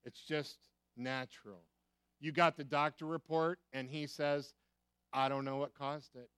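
A man's voice: on the high side, fairly bright tone, clear, resonant tone, no room sound. An American man preaching a sermon as pastor, emphatic, repeating key phrases and asking the listeners rhetorical questions.

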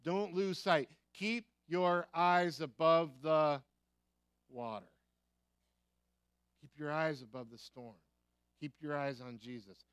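A man's voice: fairly high pitch, fairly even intonation, takes it slowly, long pauses, fairly bright tone, clean tone, no room sound. An American man preaching a sermon as pastor, emphatic, repeating key phrases and asking the listeners rhetorical questions.

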